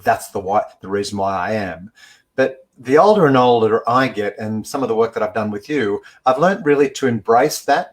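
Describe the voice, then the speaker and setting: Rambling male livestream host. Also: medium pitch. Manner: chatty, rambling, hesitant with fillers. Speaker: show host. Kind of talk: casual live-stream interview.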